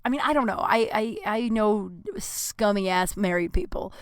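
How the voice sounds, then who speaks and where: A woman's voice: medium pitch, normal speed, dry recording. A woman comedian hosting a podcast, telling a story casually and candidly, rambling into asides.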